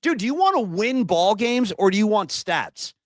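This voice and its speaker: A man's voice: sits high, normal speed, no echo, clean studio sound. A man co-hosting a podcast, telling stories and getting wound up about football in casual chat. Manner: animated storyteller, gets wound up. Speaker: podcast co-host. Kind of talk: casual sports and music chat.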